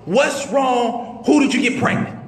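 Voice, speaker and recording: A male preacher puts on a worried, middle-aged mother who scolds her son with sharp questions. Her voice comes out very high and ringing. It echoes through a large hall. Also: measured pace, vocal fry, noisy background, exaggerated voice. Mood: scolding. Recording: echoey hall with long reverb.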